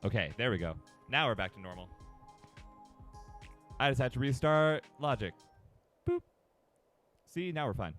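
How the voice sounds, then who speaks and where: A man's voice: medium pitch, animated, moderate pace, long pauses, a bit bright, soft background music. A man chatting casually and playfully on a live stream, joking at his own expense.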